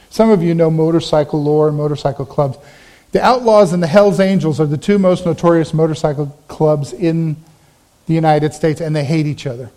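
A middle-aged male pastor preaching a sermon, telling a personal story and acting out the people in it. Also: on the high side. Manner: animated storytelling, acting out quoted voices.

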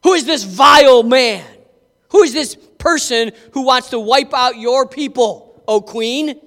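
A man voicing a grand Persian king, declaiming loudly and slowly in a high, bright voice. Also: clean tone. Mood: outraged. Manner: loud, slow and declaiming. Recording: echoey hall reverb.

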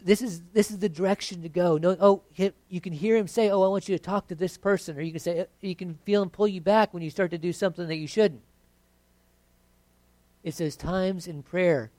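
Male pastor, mid-high voice, conversational sermon that rises to emphatic peaks, dry close sound. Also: darkish tone, dry recording. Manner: conversational preaching, builds to emphatic.

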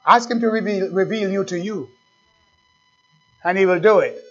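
A man preaching with a high, fervent voice, pushing up to shouts and then dropping to near murmurs. He exhorts his congregation in a sermon. The recording sounds dull and lo-fi. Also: normal speed. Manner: impassioned preaching, swings from shouting to hushed. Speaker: pastor.

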